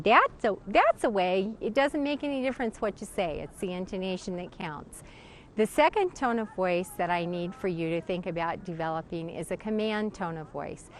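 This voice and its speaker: A woman's voice: mid-range voice, a little hiss or hum. A woman dog trainer giving casual spoken instruction, explaining and demonstrating commands with a dog.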